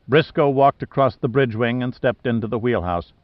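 In a dull, dry studio with no room sound, a man with a mid-range voice narrates an adventure novel from a script. His audiobook delivery stays measured and even.

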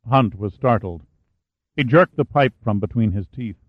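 A man reading a thriller novel aloud as narrator, steady and even. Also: fairly low pitch, moderate pace, no room sound. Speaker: audiobook narrator. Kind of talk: scripted narration. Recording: phone-like narrow band, dry.

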